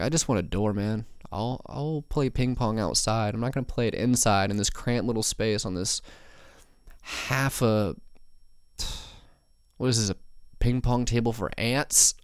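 Young male podcast host, loose and profane, smooth voice, dry close mic. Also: lowish voice, animated, measured pace, pauses often, no echo. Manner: rambling, profane, many fillers and asides. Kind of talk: casual solo podcast rambling.

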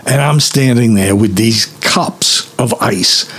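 A man's voice: medium pitch, slow, fairly bright tone. A man casually telling a rambling, self-mocking personal story, acting out the other people in it. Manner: rambling, self-mocking, acts out quoted voices. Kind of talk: personal anecdote told casually.

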